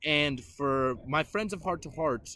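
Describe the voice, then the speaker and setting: A man's voice: a little high, a little slow, bright, forceful tone, no echo. A young man hosting a podcast, telling a story casually and laughing as he acts out quotes. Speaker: podcast host.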